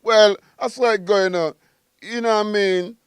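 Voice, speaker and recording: A man with a Jamaican accent, a musician being interviewed, talking in a boastful, animated, repetitive way. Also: high voice, measured pace, clear, resonant tone, no echo, clean studio sound. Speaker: guest musician. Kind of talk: casual interview.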